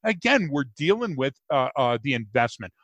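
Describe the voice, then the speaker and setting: On a laid-back podcast, a male co-host spins long, meandering stories, lively and full of fillers. His voice is mid-range, his pace normal, with no echo in the recording.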